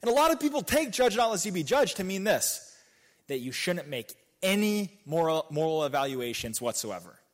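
A man preaching a sermon as pastor. His delivery is animated, with loud emphatic peaks and quiet asides. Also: a little high, moderate pace.

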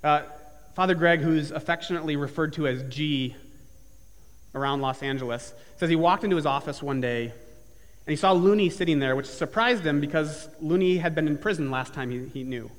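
Casting: a male pastor with a high voice, earnest storyteller, mic'd in a church with long reverb. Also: moderate pace. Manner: earnest storytelling, building to emphatic repeated phrases. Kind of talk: sermon. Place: church sanctuary with live and online congregation.

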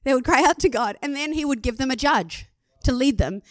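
Lively Australian woman pastor preaching. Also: high voice, brisk, no echo. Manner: lively, conversational, laughs at herself. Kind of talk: sermon.

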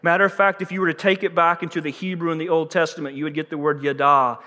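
A man's voice: a little high, level tone, fast talker, bright, forceful tone, long reverb tail. A man preaching a sermon as pastor, emphatic and conversational, repeating words for stress and mixing in light humor.

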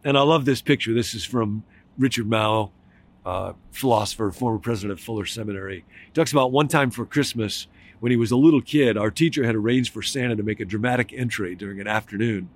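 A man preaching a sermon as a pastor, telling stories in a reflective way and slowing to stress key words. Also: on the low side.

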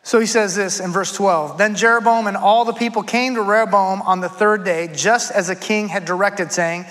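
A man giving a sermon in a high voice that sounds bright and forceful. He retells an old story in everyday talk and reads verses aloud. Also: steady tone, moderate pace, rough recording. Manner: conversational, retells scripture in casual speech. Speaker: pastor.

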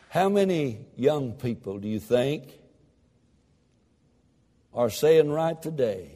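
A man preaching a sermon, fervent and building to shouted emphasis. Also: medium pitch, lively intonation, takes it slowly, long pauses, in a large hall.

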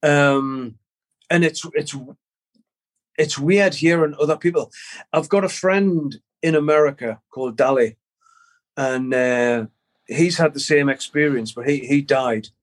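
Halting middle-aged man telling a story. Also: fairly high pitch. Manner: halting, repeats words, swears casually. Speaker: guest musician. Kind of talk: casual interview storytelling.

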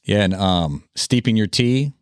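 A man's voice: lowish voice, expressive, a little slow, clear, resonant tone, no room sound, studio quality. A man hosting a casual podcast chat, rambling along and tossing in random facts. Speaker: podcast host. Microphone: studio mic with headphones.

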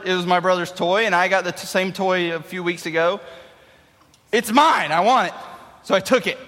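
A man in his thirties tells stories in a high, bright, lively voice as he preaches to young people. His voice swoops widely, carried by a long hall reverb. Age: 30s. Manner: animated storytelling. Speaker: youth pastor. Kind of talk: sermon.

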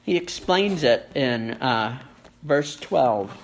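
A pastor delivers a sermon at an unhurried, measured pace. The voice sits at a middle pitch and keeps circling back to the same phrases for emphasis. It climbs for the urgent points and sinks almost to a whisper for the tender ones. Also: animated. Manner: rhetorical, repeats phrases for emphasis, swings between raised and hushed delivery.

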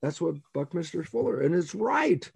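A man telling stories as a guest in an interview, emphatic and animated, asking rhetorical questions and acting out the lines of people he quotes. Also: a little high, moderate pace, gravelly, slightly rough, dry recording. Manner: animated, acts out quoted dialogue. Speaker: guest biologist. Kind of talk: storytelling in an interview.

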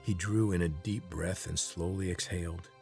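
A man reading a chapter book aloud in steady, measured storybook narration. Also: deep voice, gravelly, faint music behind. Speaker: audiobook reader.

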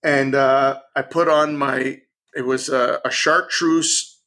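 A middle-aged man, a chef and angler, telling a story with energy and acting out what people said in lively bursts. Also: mid-range voice, slow pace. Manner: acts out quotes in lively bursts. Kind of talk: animated storytelling.

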